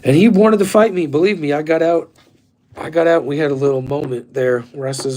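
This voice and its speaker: A man's voice: a little high, fairly quick, mellow. A man in his forties hosting a livestream, talking in a rambling, profane and fired-up way. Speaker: livestream host. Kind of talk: rambling casual chat.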